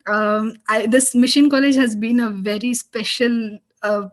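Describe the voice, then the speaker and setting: Woman from india, kinda high and monotone, thanking everyone at her graduation. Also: a little slow, rough recording. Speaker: graduating student. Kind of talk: graduation speech.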